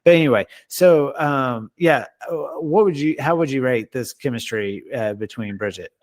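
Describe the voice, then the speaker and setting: A man hosts a podcast in a mid-range voice, easygoing and a little halting as he restarts his sentences. The sound is dry and close. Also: medium pitch, dry recording. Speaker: podcast host. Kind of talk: casual podcast chat.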